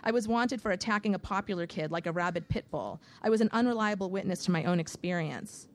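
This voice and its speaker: A woman reading a first-person audiobook in a measured, wry storytelling manner. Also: on the low side, lively intonation. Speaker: audiobook narrator.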